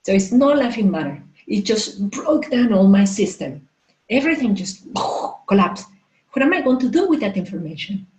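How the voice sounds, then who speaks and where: Woman, forties, coach, candid personal story, halting delivery, lots of fillers, roomy echo. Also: medium pitch, sing-song, darkish tone. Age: 40s. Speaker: coach and entrepreneur. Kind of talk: personal story at a live talk.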